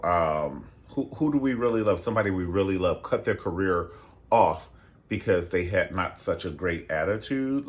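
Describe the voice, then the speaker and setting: Sassy man with big swooping pitch. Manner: sassy, theatrical, swoops into high falsetto exclamations. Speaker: show host. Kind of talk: casual commentary.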